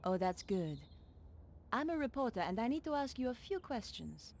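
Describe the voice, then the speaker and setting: A woman's voice: on the high side, sing-song, normal speed, a little mellow. An actress voicing a determined female newspaper reporter in a video game, asking direct, inquisitive questions.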